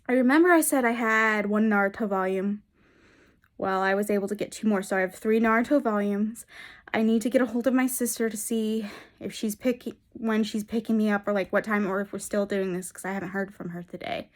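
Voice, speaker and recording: A young woman talks to camera in a casual book vlog. Her voice sits at an ordinary middle pitch. She gushes with enthusiasm, rambling and restarting her sentences. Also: steady tone, brisk. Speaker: book vlogger. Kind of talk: casual reading vlog chat.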